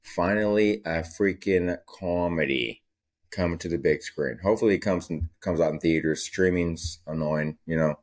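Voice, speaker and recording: A young adult man hosting a solo comedy podcast, talking loosely and profanely and acting out scenes in squeaky voices. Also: moderate pace. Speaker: podcast host.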